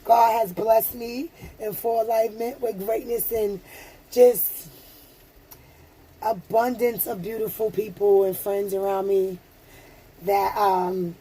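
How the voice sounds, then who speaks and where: Slow-talking woman doing a tarot reading. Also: a little high, fairly even intonation, creaky, mellow, slightly rough, poor audio. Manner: soothing, affirming, laughs often. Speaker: tarot reader. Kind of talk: casual spiritual card reading.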